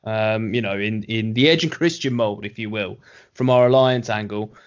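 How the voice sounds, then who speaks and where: A man co-hosting a casual podcast review, talking in a measured, musing way with hedges. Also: on the low side, muffled recording. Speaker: podcast co-host.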